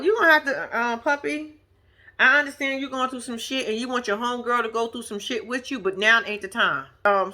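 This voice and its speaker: Woman, bright lively voice, chatty slangy TV recap vlogger. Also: medium pitch. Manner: animated, slangy, laughs often. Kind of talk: casual recap commentary.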